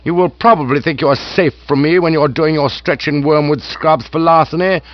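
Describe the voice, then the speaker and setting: A man voicing a hulking, bullying aristocrat who speaks with loud contempt and menace. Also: fairly high pitch, fairly quick, no echo, dull audio, voice pushed up, close to an everyday voice. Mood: menacing.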